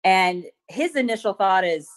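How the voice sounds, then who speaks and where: A middle-aged woman testifying at a court hearing over a video call, retelling events hesitantly with many pauses and ums. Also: medium pitch, animated. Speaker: witness testifying at a protective order hearing.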